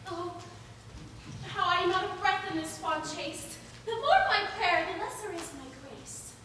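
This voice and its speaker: Casting: actress as a spurned, pleading young lover, very high voice, verse recorded from far in an echoey noisy hall. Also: female voice, lively intonation, unhurried, bright, forceful tone, heavily acted. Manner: declaims verse, projects to a stage audience. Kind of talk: stage play performance. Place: school auditorium stage.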